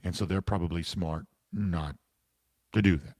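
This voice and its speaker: Gravelly low-voiced male sports talk host. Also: steady tone, normal speed, a little mellow, no echo. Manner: conversational, opinionated, emphatic. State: has the hiccups. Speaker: podcast host answering listener comments. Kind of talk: casual opinion commentary.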